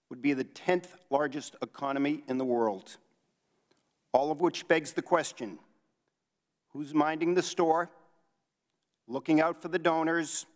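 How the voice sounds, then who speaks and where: A man reads prepared testimony in a formal, measured manner, his voice sitting slightly high. A long reverb from the large hearing room trails his words. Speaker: hearing witness, financial investigator. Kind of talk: read prepared statement.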